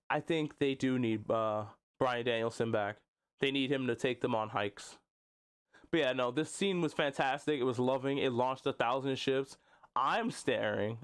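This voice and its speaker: A wrestling podcast host with a clean, mid-range voice runs a live stream, chatting casually about wrestling. He jokes a lot, laughs often, and drops into silly voices.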